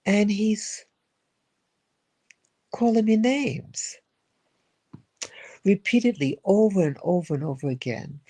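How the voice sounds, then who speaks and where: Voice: mid-range voice, warm tone, breathy edge. An older person telling a personal story in a rambling, reflective way, often repeating and restarting words. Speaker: spiritual vlogger.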